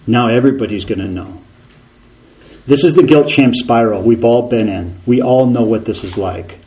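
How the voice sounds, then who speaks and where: A male preacher in full sermon mode keeps his delivery animated. He fires off rhetorical questions and slips into acted voices for the figures he quotes. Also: medium pitch, normal speed, poor audio.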